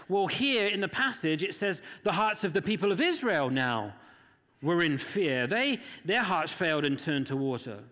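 A man preaching in a slightly high voice, earnest and conversational, slipping into the voices of the people he quotes. His voice carries a long reverb, as if he were speaking in a large hall. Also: a bit bright. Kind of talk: sermon.

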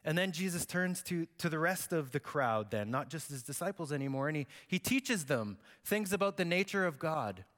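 A man's voice: on the high side, lively intonation, normal speed, hardly any pauses, fairly bright tone. A man preaching a sermon as pastor, conversational and joking, acting out the quotes he reads. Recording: long hall reverb.

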